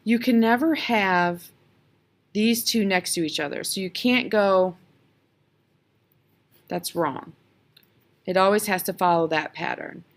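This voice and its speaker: A woman's voice: medium pitch, slow, pauses often. A woman teaching a lesson on video, patiently explaining step by step and sounding out spoken examples.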